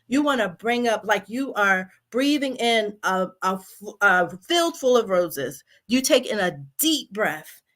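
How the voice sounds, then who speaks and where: A woman speaking in a motivational talk, her voice sitting a little high. She coaches her listeners step by step and guides them through slow breathing. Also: a bit bright.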